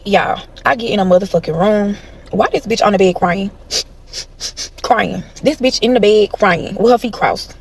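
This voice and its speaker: A woman's voice: mid-range voice, normal speed, husky. A woman in her thirties telling a storytime vlog directly to her viewers, blunt and heavy on swearing. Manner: blunt, profane and heated, talks straight to viewers. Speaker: storytime vlogger. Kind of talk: casual storytime chat to viewers.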